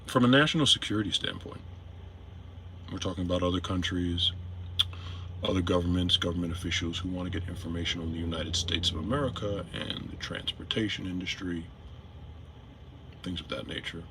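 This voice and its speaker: A man's voice: low voice, fairly quick, pauses often, sharp tone, slight background noise. A man who drives trucks, talking casually and emphatically to his viewers, repeating his points. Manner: repetitive, emphatic, addresses viewers directly. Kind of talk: casual to-camera monologue. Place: in a vehicle.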